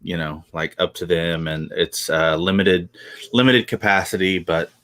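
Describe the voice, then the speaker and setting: A man's voice: low voice, steady tone, a little slow, a bit bright. A man in Tennessee co-hosting a casual livestream, laid-back and dry-humored. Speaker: co-host.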